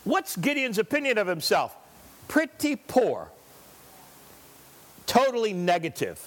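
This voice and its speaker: A man's voice: high-pitched, wildly swooping pitch, measured pace. A male pastor preaching a sermon, driving his points home with rhetorical questions and briefly acting out the voices of scripture figures.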